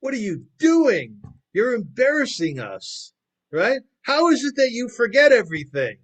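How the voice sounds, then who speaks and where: A man voicing a flustered, indignant husband who loudly scolds his wife for forgetting everything. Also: animated, a little slow. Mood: exasperated. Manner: loud exasperated scolding, high-pitched.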